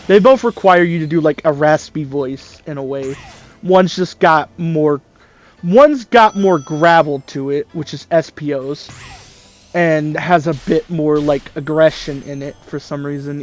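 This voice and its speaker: Male gaming host, slightly high voice, rambling and self-correcting, faint music behind. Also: unhurried. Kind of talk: casual chat about voice impressions.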